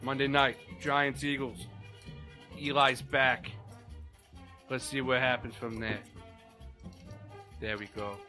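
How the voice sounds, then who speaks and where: A man's voice: mid-range voice, level tone, takes it slowly, long pauses, sharp tone, faint music behind. A man co-hosting a casual sports podcast, running through game results in short clipped phrases. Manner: clipped score-by-score delivery, laughs at himself. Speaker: podcast co-host.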